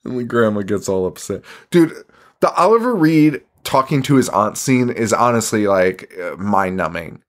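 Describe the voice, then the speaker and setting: A very animated man with a fairly low pitch speaks at a moderate pace. He's a podcast co-host casually running through a movie, cursing heavily, laughing, and throwing in mocking quotes as he rambles.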